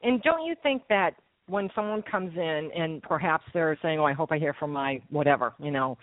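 Higher-voiced male host over a tinny line. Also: lively intonation, normal speed, no echo. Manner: agreeable, asks long leading questions. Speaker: interview host. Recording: tinny phone-like line, dry.

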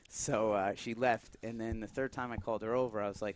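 A man's voice: mid-range voice, fairly quick, few pauses, slight background noise. A man co-hosting a podcast, telling a funny personal story in casual chat and laughing as he goes. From Irish heritage. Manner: laughs through his own story. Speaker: podcast co-host.

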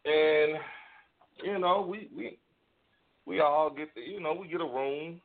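A man's voice: a little high, unhurried. A man on a radio show telling a story in casual chat, rambling and profane, with many restarts. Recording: tinny phone-like sound.

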